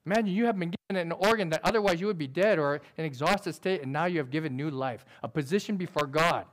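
A man preaching a sermon in an earnest, conversational way, using quick everyday illustrations. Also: on the high side. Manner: describes himself as sober by nature.

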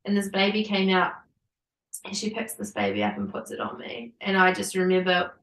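A woman's voice: mid-range voice, moderate pace, echoey room, distant mic, rough recording. Woman telling her story, laughing. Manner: animated, laughing, many likes. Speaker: podcast guest. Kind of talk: personal storytelling.

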